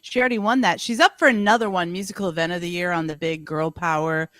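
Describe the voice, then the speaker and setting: A woman's voice: lowish voice, steady tone, fast talker, fairly bright tone, dry recording. A woman co-hosting a radio show, chatting and teasing in a casual way. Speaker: radio co-host. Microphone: studio microphone.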